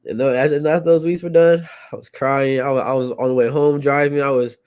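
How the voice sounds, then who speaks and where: A young man with a mellow, dark voice shares a heartfelt testimony. His talk is casual and slangy, full of repeats and restarts. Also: mid-range voice, fairly even intonation, fairly quick, clear, resonant tone. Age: young adult. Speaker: youth program participant.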